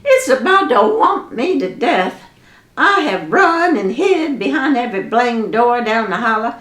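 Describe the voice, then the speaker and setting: A woman's voice: fairly high pitch, lively intonation, unhurried, a crowd in the background. A woman voicing a frantic old mountain granny who hollers in panic. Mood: panicked. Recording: echoey room.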